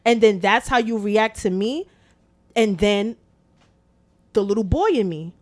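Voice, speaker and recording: A woman hosting a podcast, telling a story in casual, animated chat full of swearing. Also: medium pitch, measured pace, pauses often. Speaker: podcast host.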